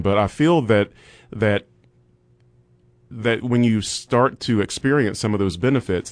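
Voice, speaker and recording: A man's voice: on the low side, no echo. A young adult man hosting a casual radio interview, chatty with frequent restarts and sarcastic asides. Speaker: radio show host. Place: radio studio.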